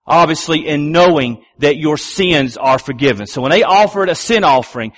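A middle-aged man preaching a sermon, repeating key phrases and slowing down, low and deliberate, when he reads scripture. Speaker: pastor.

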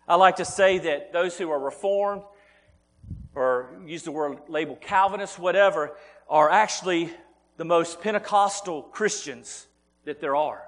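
A man delivers a sermon in an earnest, driving way, often doubling his words as he pushes a point and calling his listeners folks. His voice sits high for a man. The sound rings with the long reverb of a church sanctuary. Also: a little slow, fairly bright tone. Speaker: pastor.

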